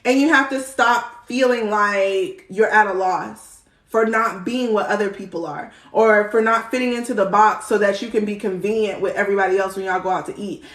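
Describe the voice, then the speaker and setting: A woman's voice: medium pitch, fairly even intonation, normal speed, few pauses, fairly bright tone. A young woman, chatting casually on a live stream, slangy and swearing freely, laughing often. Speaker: spiritual livestream host. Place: indoor room, live stream. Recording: roomy echo.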